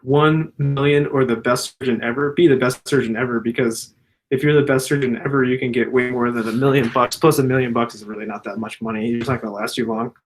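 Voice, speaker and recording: A man's voice: medium pitch, steady tone, fairly quick. Laid-back, swearing male surgeon host. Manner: profane, loose storytelling. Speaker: general surgeon hosting a Q&A. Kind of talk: casual Q&A chat.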